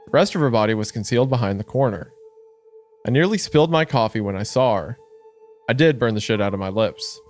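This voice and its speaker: A man co-hosting a casual horror podcast, chatting with laughs and reading story narration aloud in a lower, hushed voice. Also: animated, brisk, soft background music.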